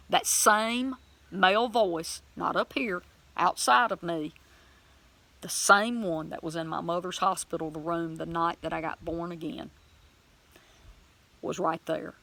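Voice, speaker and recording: A woman telling a personal faith testimony in a plain-spoken, folksy way, animated and emotional as she acts out her own words. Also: fairly low pitch, creaky. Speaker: Christian vlogger sharing a testimony.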